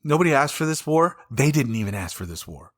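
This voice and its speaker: A man's voice: mid-range voice, big pitch swings, a little fast. A man with a Southern US accent hosting his own podcast, ranting angrily and profanely about politics in a solo commentary. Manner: angry, profane, exasperated ranting. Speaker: podcast host.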